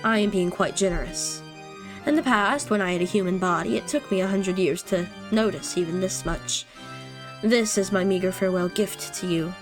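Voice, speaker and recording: A woman reading aloud as a cruel, aloof female witch, calm and quietly taunting. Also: mid-range voice, normal speed, music in the background, natural voice. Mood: coolly taunting. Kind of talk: reading game dialogue aloud.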